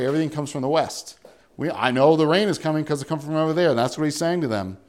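A man's voice: a little high, lively intonation, fast talker, darkish tone. A male pastor preaching a sermon in an earnest way, building to emphatic peaks.

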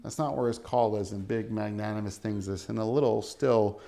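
A man preaching a sermon, earnest and dramatic, dropping to a soft low voice to press his points. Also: normal speed, creaky. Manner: dramatic, acts out quoted voices with rising pitch and volume. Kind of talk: sermon reading and explaining scripture.

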